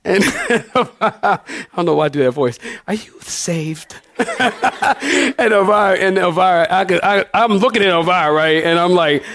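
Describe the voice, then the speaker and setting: A man's voice: high voice, fairly quick, a bit bright. A man in his fifties, a pastor telling a funny story in a sermon, folksy and laughing often.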